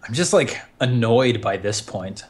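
A man's voice: mid-range voice, expressive, unhurried. A man playing a tabletop game, describing his character's actions in a laid-back, dry way. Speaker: player. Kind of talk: casual tabletop role-play.

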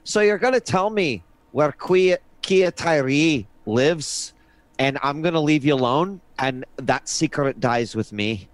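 A man's voice: a little high, animated, unhurried, no room sound, low-quality recording. A man playing a blunt, menacing woman investigator. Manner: speaks in a weird put-on accent.

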